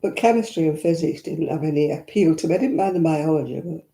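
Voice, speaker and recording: Quick-paced with a low-pitched, mellow voice, an older woman from Northern England hosts a vlog indoors at home. She chats, reminisces, and responds to viewers' comments bluntly at times, with echo in the room.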